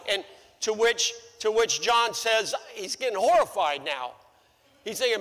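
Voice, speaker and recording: Bright-voiced pastor in an echoey church. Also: male voice, high-pitched, measured pace. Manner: animated storytelling, stammering restarts. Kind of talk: sermon. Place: church sanctuary.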